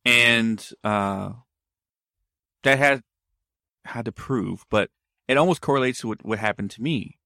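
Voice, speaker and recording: A man's voice: medium pitch, unhurried, long pauses, bright, forceful tone, no room sound, clean studio sound. A man telling a story in casual conversation, meandering and often backtracking to explain himself.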